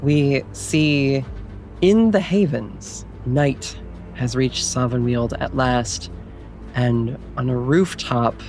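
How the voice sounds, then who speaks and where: Unhurried tabletop game master. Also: mid-range voice, darkish tone, soft background music. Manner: unhurried descriptive narration.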